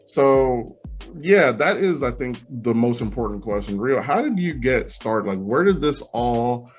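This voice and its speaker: A man's voice: medium pitch, a little slow. Guy hosting a podcast, mid voice, laid back, lots of "like" and "you know", faint music under it. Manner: relaxed, encouraging, filler "like" and "you know". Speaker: podcast host. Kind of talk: casual interview.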